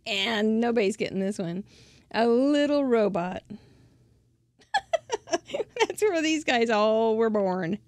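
A woman's voice: fairly high pitch, lively intonation, unhurried, darkish tone, no room sound. A woman hosting a craft channel, gushing and chatty as she shows off mail she was sent, often laughing. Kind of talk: casual show-and-tell of mail.

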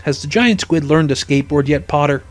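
A man's voice: on the high side, fairly quick, faint music behind, lightly acted. A man voicing a prim, indignant teenage schoolgirl who scolds in a huffy tone.

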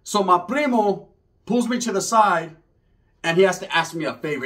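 High-voiced man telling a comic story. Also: lively intonation, moderate pace, a bit bright. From Northern California. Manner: loose, slangy, conversational delivery. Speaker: comedian.

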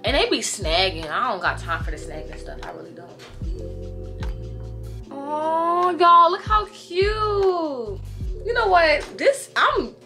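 Host, woman, 22, casual diary vlogger, animated and slangy, slightly high voice over background music. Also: takes it slowly. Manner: chatty, slangy, animated storytelling.

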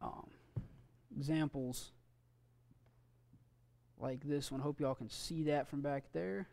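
A man's voice: a little high, fairly even intonation, creaky, mellow. Man lecturing in an echoing hall. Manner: folksy, halting, with many fillers and restarts. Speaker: Bible language teacher. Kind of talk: classroom lecture. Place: church classroom. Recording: long reverb from a hall.

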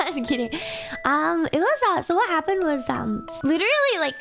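A woman's voice: high voice, very animated, moderate pace, gravelly, music in the background. A woman chatting casually, rambling through a story with giggles and fillers. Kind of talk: casual chat.

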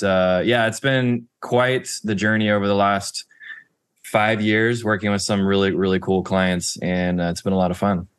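A man guesting on a podcast, talking in a relaxed way with fillers and restarts. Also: on the low side, smooth, dry recording, clean studio sound. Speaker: guest, video ad producer. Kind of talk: casual podcast interview.

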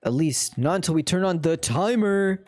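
A man's voice: a little high, expressive, moderate pace, a little mellow, no echo, faint music behind, natural voice. Sprinkles, a man doing a prim teacher. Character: fussy male teacher calming students.

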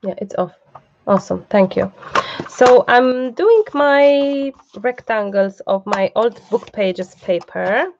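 A woman's voice: medium pitch, expressive, slow pace, a little mellow, lo-fi sound, slight background noise. A woman hosting a live online craft class, chatty and reassuring, breaking off for asides to the person behind the camera. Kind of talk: live craft tutorial, casual chat.

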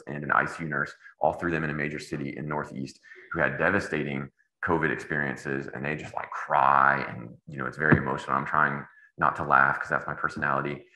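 A man's voice: a bass voice, sharp tone, roomy sound, low-quality recording. A middle-aged man giving a medical lecture in a casual, digressive way with wry asides. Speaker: anesthesiologist giving grand rounds.

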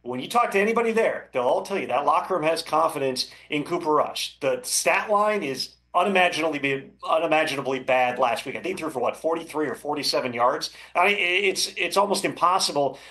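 A man working as a football insider, giving measured, thoughtful analysis as an interview guest, with frequent fillers. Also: fairly high pitch, lively intonation, pushed and bright. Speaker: NFL insider.

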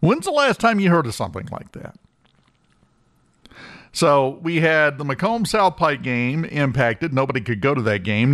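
A man's voice: a little high, no echo. A man hosting a talk radio show in a studio, delivering a blunt, sarcastic opinion monologue with emphatic repetition.

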